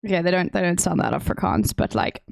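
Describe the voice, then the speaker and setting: A woman's voice: on the low side, lively intonation, brisk, gravelly, dry recording, studio quality. A woman streaming, chatting casually and laughing often. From South Africa. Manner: giggly, chatty, laughs a lot. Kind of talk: casual chat.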